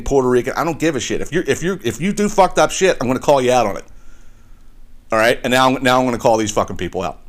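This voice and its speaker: Man ranting, fast and profane. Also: mid-range voice. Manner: heated, swearing, repeats himself. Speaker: podcast host.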